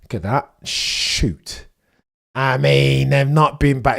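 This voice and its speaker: Excitable man commentating live. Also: medium pitch, slow, gravelly. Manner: excitable, chatty, British slang, talks to chat. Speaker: livestream host. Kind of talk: live race watchalong commentary.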